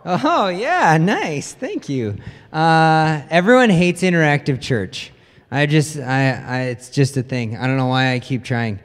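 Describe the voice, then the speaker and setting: A man's voice: medium pitch, lively intonation, measured pace, clear, resonant tone. A man preaching a casual, conversational sermon as a pastor, telling stories in a chatty, self-deprecating way. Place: church hall. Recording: long hall reverb.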